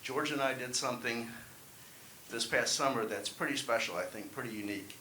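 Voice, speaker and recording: A man's voice: medium pitch, brisk, pushed and bright. A man performing a wry, self-deprecating stand-up set at an open mic. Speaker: stand-up comedian. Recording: echoey room, faint hiss.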